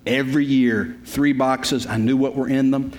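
A man's voice: medium pitch, fairly even intonation, normal speed, darkish tone. A man, preaching a sermon as a pastor. He tells the story in an emphatic, repetitive way with folksy humor. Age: 50s.

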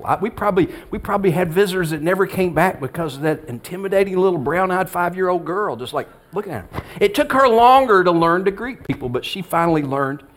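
Conversational man preaching a sermon. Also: high-pitched. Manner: conversational, storytelling preacher with frequent restarts. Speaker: pastor.

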